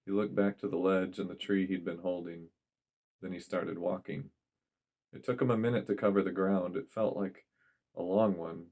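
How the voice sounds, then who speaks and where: Storyteller: a man with a very low voice who reads scripted narration at a steady pace. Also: moderate pace.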